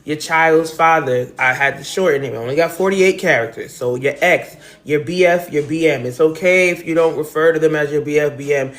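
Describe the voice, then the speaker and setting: A woman's voice: sits low, a little fast, hardly any pauses. A woman from New Jersey hosting a casual live stream from home, talking emotionally and directly to her viewers. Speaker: livestream host. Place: at home, decorated with balloons and pictures.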